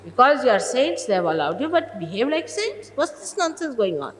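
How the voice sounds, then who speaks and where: A woman's voice: fairly high pitch, big pitch swings, brisk, big-room sound, rough recording. A woman in her sixties, a spiritual teacher sternly scolding a gathering of followers with exasperated rhetorical questions, on an archival talk recording. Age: 60s.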